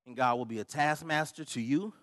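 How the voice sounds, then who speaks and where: A man's voice: medium pitch, a little fast, a bit bright, dry recording, studio quality. A middle-aged man preaching a sermon, telling a personal story in a humorous, conversational way and laughing often. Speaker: pastor.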